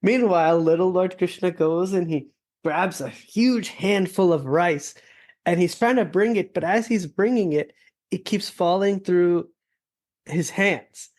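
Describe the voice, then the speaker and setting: A man's voice: sits high, unhurried, a little mellow. A man hosting a podcast, telling a story in a casual, earnest and reflective way. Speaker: podcast host.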